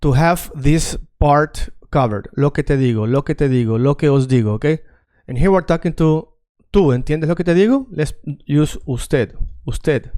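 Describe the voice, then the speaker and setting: A man's voice: fairly high pitch, moderate pace, few pauses, mellow. A man teaching a casual online lesson, chatty and prone to repeating himself while he works on screen. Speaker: Spanish teacher.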